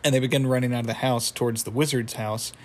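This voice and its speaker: A man's voice: medium pitch, fairly even intonation, quick pace. A young man casually recapping a cartoon episode, rambling with lots of fillers and chuckling at the story. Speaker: show recapper.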